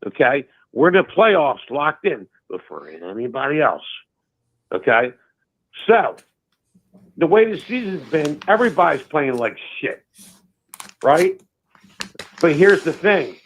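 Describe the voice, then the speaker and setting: Over a tinny phone line, a Delaware man calls a sports show and rants as a fan, emphatic and worked up, saying the same things again and again. His pitch is fairly high and very animated, but he takes it slowly with long pauses.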